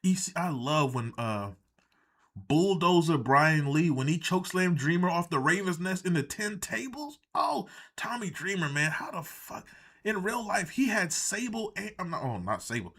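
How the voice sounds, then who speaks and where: A man riffs through a live reaction stream in loose, profane commentary. His tone is sarcastic and exasperated throughout. His voice sits slightly high for a man. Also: big pitch swings, moderate pace, a bit bright. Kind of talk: casual ranting commentary.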